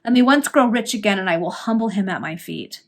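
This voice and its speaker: A woman voicing a pompous, ruined Victorian gentleman who flatters and schemes in an ingratiating, overly familiar way. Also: medium pitch, brisk, lightly acted. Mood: indignant.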